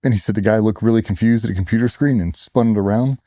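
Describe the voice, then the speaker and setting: Man, low voice, dark tone, blunt storytelling, dry close mic. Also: fast, no echo. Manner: blunt, plainspoken, retells dialogue in quotes. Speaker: interviewee. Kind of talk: candid storytelling in an interview.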